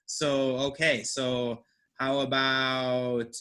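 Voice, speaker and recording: A man's voice: mid-range voice, level tone, drawn-out words, pushed and bright. A man teaching an English class, who checks understanding with frequent "right?" and repeats words to drill their stress.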